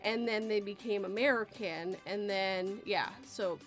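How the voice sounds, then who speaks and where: A woman's voice: medium pitch, measured pace. Chatty woman host, from Western Canada, rambling talk, faint music underneath. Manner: chatty, rambling, laughs often. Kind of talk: casual chat.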